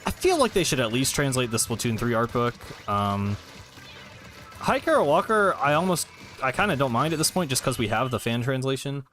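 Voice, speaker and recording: A man's voice: mid-range voice, sing-song, fairly quick, fairly bright tone, soft background music. A young man streaming a game, chatting casually and hesitantly, answering chat between plays.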